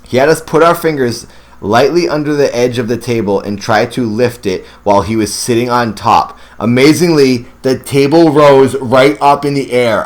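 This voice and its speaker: A man reading a true ghost story at an even, mid-range pitch. He narrates the account steadily and sometimes pauses to react to what he has just read. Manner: reads first-person accounts, breaks off to react emotionally. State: teary and sniffling. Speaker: host reading ghost stories. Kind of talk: story reading with excited asides.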